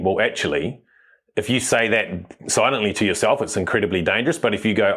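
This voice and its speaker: A man, a mindset coach, explaining ideas as a guest in a podcast interview, quick and emphatic, with stories from the farm. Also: fairly low pitch, a bit bright, husky.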